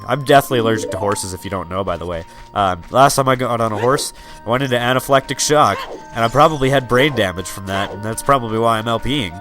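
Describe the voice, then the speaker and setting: A young let's player with a medium-pitched, fairly bright voice gives casual gameplay commentary. He rambles and jokes his way through the game with lots of fillers.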